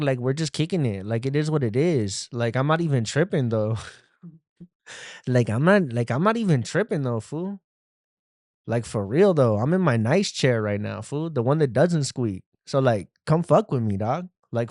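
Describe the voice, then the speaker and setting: A man's voice: mid-range voice, darkish tone, no echo, close to an everyday voice. A podcast host voicing a vulnerable young street dude who drawls slang and ends his phrases with 'fool' or 'dog', recorded on a phone in a dry room. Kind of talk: comedic podcast bit.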